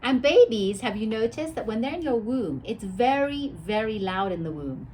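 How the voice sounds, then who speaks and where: A woman's voice: a little high, animated, moderate pace, darkish tone, slight background noise, poor audio. Opinionated woman questioning in a chat. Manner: questioning, opinionated, asks why. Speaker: co-host. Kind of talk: casual chat.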